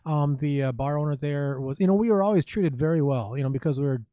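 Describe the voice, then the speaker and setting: Male guest musician, mellow and somewhat high-voiced, halting storyteller, dry close recording. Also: smooth, no room sound. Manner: halting, many ums and restarts. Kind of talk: casual chat.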